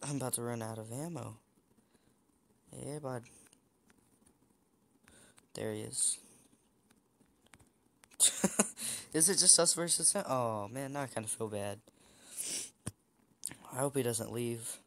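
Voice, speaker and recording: A young man talks through his game in a loose, chatty way, teasing rivals and tripping over his own words. His voice sits at an ordinary pitch for a man. A faint noise runs under the recording. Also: unhurried, long pauses, fairly bright tone. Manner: chatty, teasing opponents, frequent restarts. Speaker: gameplay streamer. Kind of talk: casual gameplay commentary.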